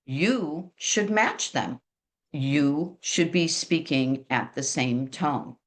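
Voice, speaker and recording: A woman with a slightly low, loud outdoor voice, teaching fellow agents about sales. She keeps it chatty and pokes fun at herself. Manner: lively, chatty and self-deprecating. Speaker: real estate agent sharing sales training. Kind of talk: training talk to colleagues.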